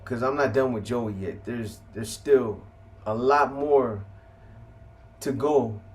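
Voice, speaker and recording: A man's voice: mid-range voice, takes it slowly. A man telling his own story to viewers in blunt street slang with heavy swearing.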